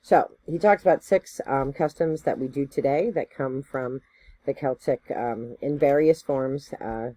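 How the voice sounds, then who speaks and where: A woman explains a topic in a loose, chatty teaching style, leaning on fillers and asking "right?" as she goes. Her voice is warm and mellow. The sound is close and dry, with no room around it. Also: a bass voice, measured pace, dry recording. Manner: conversational, loose, full of fillers and tag questions; self-correcting, thinks aloud. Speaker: spiritual teacher. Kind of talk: casual educational talk to camera.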